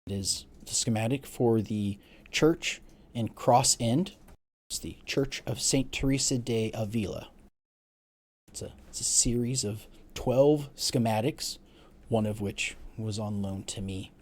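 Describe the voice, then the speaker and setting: A man's voice: lowish voice, unhurried. A man voicing a nervous middle-aged gallery owner, putting on a French accent. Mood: worried. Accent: French, put on.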